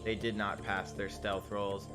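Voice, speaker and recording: A man narrating a tabletop game as game master, casual and halting, with many fillers and restarts. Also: fairly low pitch, little pitch movement, music in the background.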